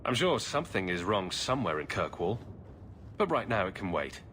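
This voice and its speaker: Dry sarcastic mage hero, deadpan, lively ups and downs. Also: male voice, deep voice, moderate pace, a little hiss or hum, full character voice.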